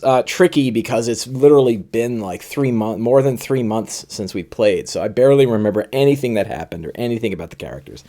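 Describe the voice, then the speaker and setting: Casual stream host, a slightly hoarse man with a lowish voice, loosely thinking aloud with many fillers. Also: a little mellow. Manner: rambling, with many fillers and pauses. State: slightly losing his voice. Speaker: game master and channel host. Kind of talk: live-streamed game prep talk.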